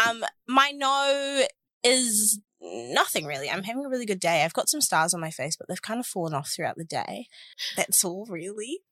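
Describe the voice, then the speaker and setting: A woman's voice: mid-range voice, animated, normal speed, a bit bright, no room sound, clean studio sound. A woman, co-hosting a podcast in casual, upbeat and sentimental chat. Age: 20s. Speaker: podcast co-host. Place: podcast studio.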